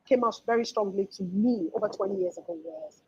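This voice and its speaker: A woman's voice: mid-range voice, a little fast, darkish tone, husky, highs cut off. A woman in her forties giving an earnest, emphatic motivational talk as a life coach, often restarting her sentences.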